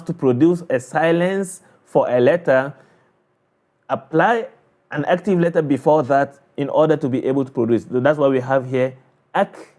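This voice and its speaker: A man teaching a recitation lesson, patiently repeating sounds slowly to demonstrate and checking in with "all right?". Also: a little high, darkish tone. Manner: frequent "all right?" check-ins and restarts. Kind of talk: explanatory lesson.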